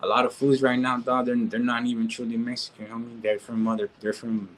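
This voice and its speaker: A man holds forth on a live stream. He talks in loose, slang-heavy bursts, doubling back and restarting, at an ordinary middle pitch. A faint hiss of noise sits under his voice. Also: little pitch movement, fairly quick, poor audio. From California. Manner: slangy, repetitive, full of restarts and "homie, dog" asides. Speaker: reaction streamer. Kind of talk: casual live-stream rant.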